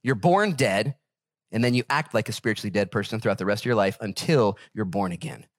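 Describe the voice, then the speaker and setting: Animated, conversational male pastor. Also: lowish voice, a little fast, no room sound, clean studio sound. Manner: animated and conversational, joking with the congregation. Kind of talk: sermon.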